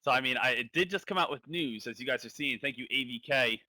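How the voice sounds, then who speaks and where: A man's voice: medium pitch, quick pace, bright, forceful tone, dry recording. A man giving casual live commentary on a stock trading stream, thinking aloud and repeating phrases.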